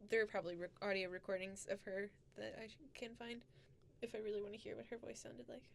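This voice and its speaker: A woman's voice: mid-range voice, level tone, quick pace, creaky. Giggly woman co-host telling a story. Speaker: podcast co-host. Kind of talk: casual chat.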